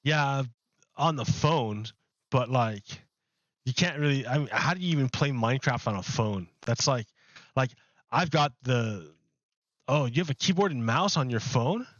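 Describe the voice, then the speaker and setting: A man's voice: medium pitch, lively intonation, measured pace, a bit bright, no echo, highs cut off. A man chatting casually on a gaming livestream, rambling with lots of fillers and restarts into a close microphone. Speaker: streamer. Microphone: close desk microphone.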